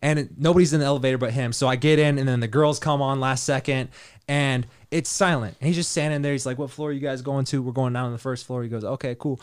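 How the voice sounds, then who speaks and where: A young adult man hosting a podcast, telling a story in a loose, animated way and laughing often. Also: medium pitch, fast talker, clear, resonant tone. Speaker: podcast host, dating coach. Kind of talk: casual storytelling chat.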